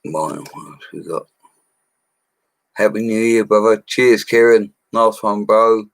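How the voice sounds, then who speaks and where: An Englishman in his forties chats on a live stream in a rambling, slangy way. His voice sits very low. It is recorded close and dry on a mic. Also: slow, vocal fry, no room sound, poor audio. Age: 40s. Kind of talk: casual live-stream chat.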